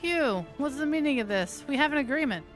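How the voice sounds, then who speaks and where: A woman's voice: sits high, animated, brisk, soft background music, voice pushed up. Woman reading a defiant young outlaw swordsman.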